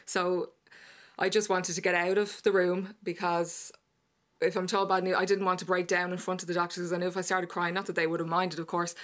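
A young Irish woman speaking as an interview guest, halting, with many fillers and restarts. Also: lowish voice, level tone, a bit bright. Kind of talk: emotional interview conversation.

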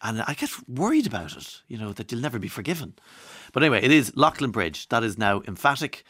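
Irish guy on the radio, chatty and jokey, dry studio sound, middle pitch. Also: big pitch swings, fast talker, fairly bright tone, breathy edge, no echo. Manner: chatty, joking, reads out listener texts. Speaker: radio host. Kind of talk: casual radio chat. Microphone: studio microphone.

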